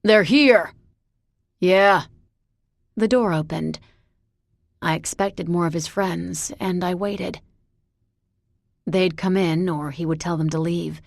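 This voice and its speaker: A woman narrating a novel in the first person, measured and introspective. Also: fairly low pitch, steady tone, vocal fry, darkish tone, no room sound. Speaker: audiobook narrator.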